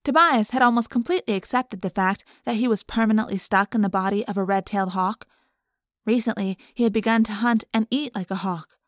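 A woman's voice: medium pitch, brisk, no echo, clean studio sound. A woman narrating an audiobook in a plain, conversational first-person storytelling way.

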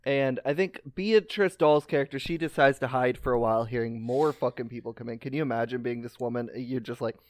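A man's voice: mid-range voice, fairly quick, few pauses. A man co-hosting a casual film podcast, blunt and joking, swearing casually. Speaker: podcast co-host.

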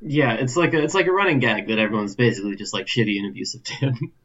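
A man co-hosting a casual podcast, talking in a slow, dry, laid-back way. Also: medium pitch, fairly bright tone, lo-fi sound. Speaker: podcast co-host. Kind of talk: casual chat.

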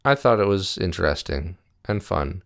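A young man with a deep, low-pitched voice gives a loose, rambling monologue. His tone is smooth and clear, and his delivery is enthusiastic, with frequent "uh"s and restarts. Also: animated, moderate pace, a bit bright. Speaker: video host. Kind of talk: casual monologue reviewing films.

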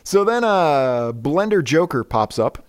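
A man co-hosting a comic book podcast talks in a slightly high voice that swings up and down a lot as he retells the plot. He laughs often and jumps into quick acted-out lines. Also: no room sound, clean studio sound. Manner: animated, laughing, acts out lines in storytelling. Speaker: podcast co-host.

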